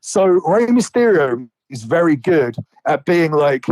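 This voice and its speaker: A man's voice: a little high, big pitch swings, a little slow, a little mellow, no room sound, poor audio. A man in casual podcast chat about wrestling, rambling and swearing a lot with many restarts. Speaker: podcast co-host.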